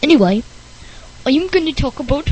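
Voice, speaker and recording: A woman's voice: high voice, expressive, a little mellow, a little hiss or hum, poor audio. A woman hosting a playful homemade podcast, goofy and teasing. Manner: goofy, teasing, slow-talking. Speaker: podcast host.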